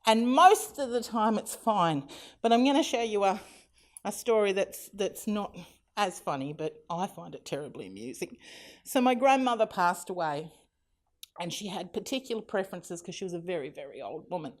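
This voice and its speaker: A woman's voice: mid-range voice, expressive, normal speed. A middle-aged Australian woman giving a keynote talk, telling funny family anecdotes in a chatty way and acting out the quotes, with frequent laughter. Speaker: keynote speaker. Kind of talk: conference keynote storytelling.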